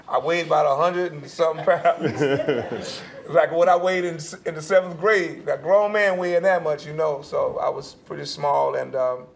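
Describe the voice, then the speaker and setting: A male panelist telling a candid personal story, laughing and acting out quotes in a high voice. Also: gravelly.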